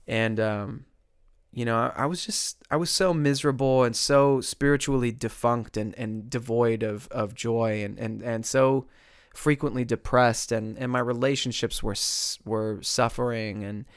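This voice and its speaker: A young man telling his recovery story as a podcast guest, earnest and halting, with many restarts. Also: medium pitch, fairly even intonation, clean tone, dry recording, clean studio sound.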